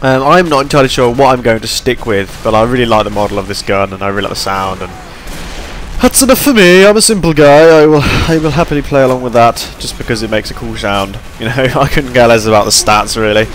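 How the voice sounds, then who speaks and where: A man's voice: mid-range voice, fast talker, few pauses, fairly bright tone, slight background noise. A tired young man giving rambling, chatty commentary over his gameplay, yawning between points. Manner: rambling, chatty, self-deprecating.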